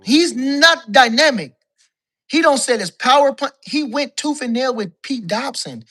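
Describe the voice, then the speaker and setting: A man with a bright, forceful voice rants about boxing as a call-in guest. He swears freely and keeps repeating his points for emphasis. He sounds loose and heated. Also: very high voice, expressive, a little slow. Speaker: guest caller, boxing commentator. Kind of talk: casual boxing talk rant.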